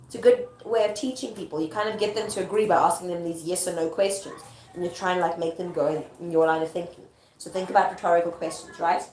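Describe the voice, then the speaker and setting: Explaining Shakespeare in a relaxed, talkative way, a woman teacher speaks with a fairly low, steady, slightly mellow voice and keeps checking understanding with brief asides. The audio carries slight background noise in an echoey room with faint ambience.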